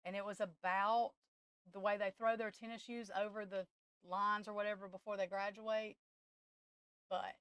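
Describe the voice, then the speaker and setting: A woman's voice: medium pitch, fairly even intonation, smooth, no echo. A woman hosting a live stream, talking with passion and near tears, breaking off and restarting, calling her viewers y'all. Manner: impassioned, tearful, halting restarts, addresses viewers as y'all. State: close to tears. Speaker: tarot livestream host. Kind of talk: emotional live-stream chat.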